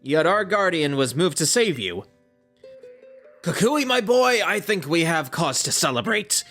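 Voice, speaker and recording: A man voicing a dignified older island chief, speaking in a measured, dutiful way. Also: on the high side, very animated, bright, forceful tone, faint music behind, voice pushed up, exaggerated voice. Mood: proud.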